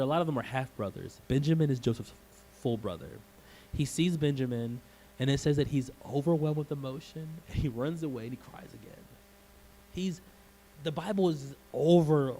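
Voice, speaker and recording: A male pastor preaching a sermon in a church, telling the story in an animated way and acting out the scenes. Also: mid-range voice, slight background noise, rough recording.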